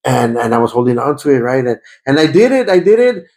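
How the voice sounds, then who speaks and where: Man with a gravelly, fervent voice. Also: medium pitch, big pitch swings, fast talker. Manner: repeats words and phrases, stammering restarts; grows loud and fervent when reliving prayer. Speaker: guest giving a testimony. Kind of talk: personal testimony in conversation.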